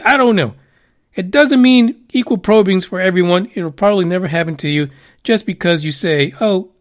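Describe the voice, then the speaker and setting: A man hosting a casual talk show, rambling with profane joking asides. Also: high voice. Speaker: podcast host. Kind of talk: casual radio show chat.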